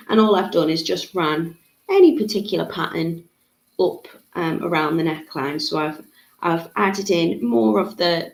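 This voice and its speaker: Teaching beading live, this jewellery-making tutor keeps things chatty, with frequent ums as she reads viewer comments aloud. She speaks in a low, gravelly voice, and the recording picks up an echoey room.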